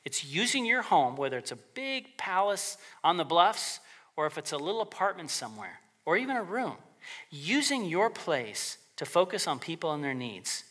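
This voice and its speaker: A man's voice: fairly high pitch, very animated, normal speed, pushed and bright. A man preaching a sermon as pastor in a conversational way, often acting out the voices of the people he quotes.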